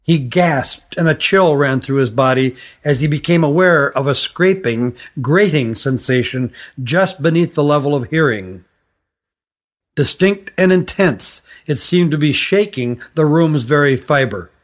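A man's voice: a little high, animated, measured pace. Man reading a storybook aloud. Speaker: narrator.

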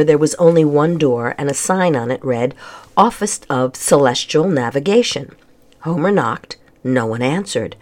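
A calm storybook reader narrating a children's chapter book aloud. The delivery is steady and measured, with a voice of middle pitch.

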